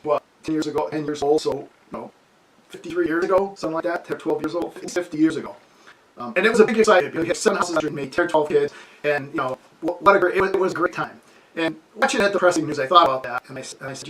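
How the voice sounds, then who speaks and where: A man in his sixties telling a childhood story at home in a casual, animated way, laughing often and acting out the scenes. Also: a little high, fast, a crowd in the background, low-quality recording. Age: 60s. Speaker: amateur radio hobbyist. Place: home with a wood stove.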